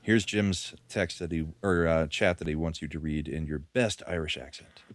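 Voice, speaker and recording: Guy co-hosting, deep voice, dry close mic, short dry comments. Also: fairly even intonation, normal speed, no room sound. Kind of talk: casual political panel chat.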